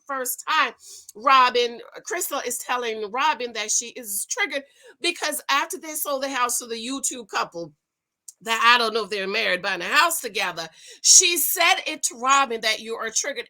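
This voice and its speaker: A woman in her forties with a high, bright, ringing voice, chatting her way through a reality show recap. She talks to her viewers like friends, throwing in sassy asides. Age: 40s. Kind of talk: casual commentary.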